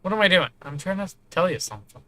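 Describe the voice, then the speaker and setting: A man's voice: high voice, expressive, quick pace, pushed and bright, no echo, voice pushed up. A man voicing a hesitant, defensive young man who placates and dodges. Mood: placating.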